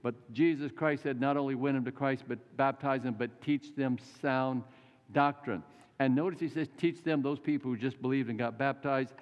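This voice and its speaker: An older man preaching a folksy, animated sermon in a church. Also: medium pitch, normal speed. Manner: folksy, animated storytelling with acted quotes. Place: church sanctuary. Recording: muffled church recording with long reverb.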